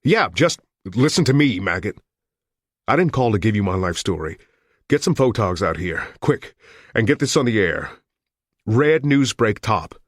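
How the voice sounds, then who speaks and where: A man's voice: fairly low pitch, very animated, unhurried, no room sound, clean studio sound. A man doing a wounded, snarling fugitive. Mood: threatening. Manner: hard, threatening and terse. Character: wounded desperate male fugitive on the run.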